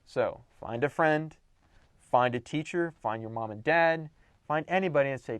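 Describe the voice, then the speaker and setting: Animated man teaching writing, dry sound. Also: on the high side, moderate pace, no room sound. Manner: animated, emphatic, playful asides. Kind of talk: recorded lecture.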